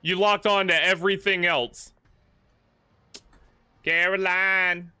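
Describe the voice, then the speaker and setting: A man livestreaming a horror game, talking in a loose, jokey way and coaxing the characters on screen. His voice is bright and smooth. The sound is close and dry, with no room around it. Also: mid-range voice, unhurried, no room sound. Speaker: gaming livestream host. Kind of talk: casual live commentary.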